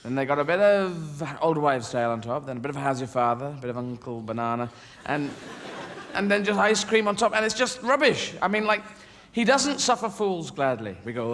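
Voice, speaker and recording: A man performing a stand-up comedy routine, animated and full of sudden silly voices, recorded live in a large theatre. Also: high voice, fairly quick. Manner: animated, flips into many silly character voices. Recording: live stage recording in a reverberant hall with crowd noise.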